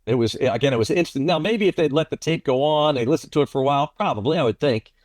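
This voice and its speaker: A man who is a baseball play-by-play broadcaster, telling a long story in an interview, animated and often repeating himself. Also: on the high side, fast, no echo, clean studio sound. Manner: animated, repeats and restarts phrases.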